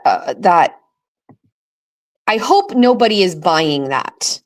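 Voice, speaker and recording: A woman's voice: on the low side, big pitch swings, takes it slowly. A woman hosting her own show, ranting angrily and with profanity about a political campaign from a home setup. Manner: angry, profane, heated ranting. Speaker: host.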